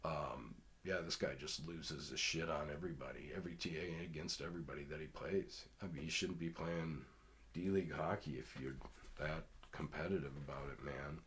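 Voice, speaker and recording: Deep guy ranting through a story, swears a lot, jumps loud when quoting people. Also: normal speed, slight background noise. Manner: profane, rambling, acts out quotes loudly. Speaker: podcast host telling stories. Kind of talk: casual storytelling.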